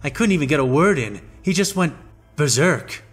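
A man's voice: a little high, animated, normal speed, soft background music. A man voicing a young female alien warrior who is firm, commanding and dryly witty.

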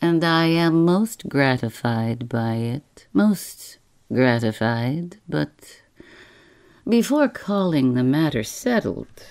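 A woman voicing a cold, deliberate male employer on the telephone with a clear, thin voice who savors each syllable. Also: rumbling low, warm tone, exaggerated voice.

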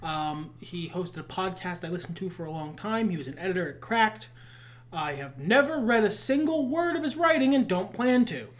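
Podcast co-host, mid-pitched, expressive rise and fall, dry deadpan asides, casual. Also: moderate pace. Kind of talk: casual chat about movies.

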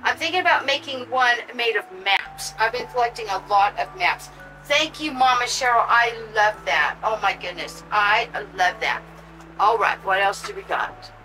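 A woman vlogging an unboxing, gushing and excitable, cooing over a doll she pulls from the box. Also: on the high side, moderate pace, far from the mic, faint music behind, low-quality recording. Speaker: reborn doll collector vlogger. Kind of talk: casual unboxing vlog.

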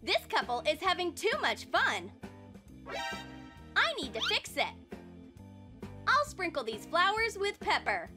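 Sneaky, sugary young prankster, played by a woman, very high and slow, with loud music underneath. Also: very animated, heavily acted. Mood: scheming sweet. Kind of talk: overdubbed prank-video dialogue. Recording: voice over loud background music.

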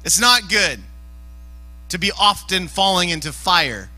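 A youth pastor preaching a loose, casual sermon at a church youth service. The man sounds animated and playful, with a high voice and a sharp, piercing brightness. He often jumps up into shouts to drive home a point. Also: a little slow, dry recording, low-quality recording.

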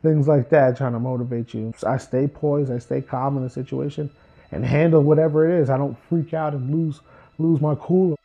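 Reflecting on his life, a former college football player from New Jersey, now in his twenties, tells personal stories and brings quoted people to life with animated voices. He speaks at a moderate pace in a mid-range, creaky, slightly rough voice, captured in a muffled recording with gentle background music.

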